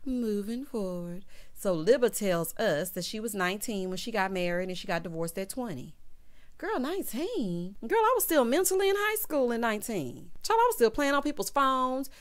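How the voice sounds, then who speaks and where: A woman hosting a reality show recap, talking in a sassy, animated way with lots of asides to her viewers. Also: fairly high pitch, moderate pace. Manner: sassy, animated, quotes cast members in voices. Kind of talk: casual recap commentary.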